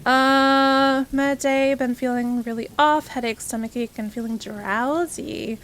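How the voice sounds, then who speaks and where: A young woman hosts a live stream in a bright, high voice, taking her time as she chats. She greets viewers by name, laughs easily and keeps a bubbly, friendly flow of casual talk. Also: fairly even intonation, slow. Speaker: variety streamer.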